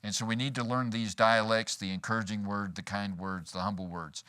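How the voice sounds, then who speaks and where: In a church sanctuary, a male pastor delivers a sermon in a lowish, bright, forceful voice, brisk and fairly even in intonation. His style is folksy and humorous, and he performs the lines he quotes.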